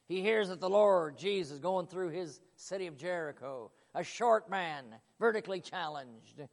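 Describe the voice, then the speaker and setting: A man's voice: sits high, moderate pace, big-room sound. A man preaching a sermon in an emphatic, dramatic way.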